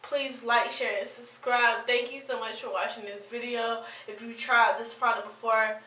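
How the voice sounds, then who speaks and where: A woman's voice: fairly high pitch, steady tone, moderate pace, bright, forceful tone, reverberant, distant mic, poor audio. A woman vlogger giving a casual, rambling product review with plenty of fillers and restarts. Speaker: beauty vlogger.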